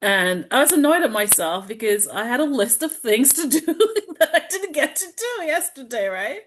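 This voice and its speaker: A woman's voice: high-pitched, very animated, moderate pace. A middle-aged woman, a healing practitioner, chatting as a podcast guest and acting out her own self-talk with lots of laughter. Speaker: guest, traditional Chinese medicine practitioner. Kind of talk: casual podcast conversation.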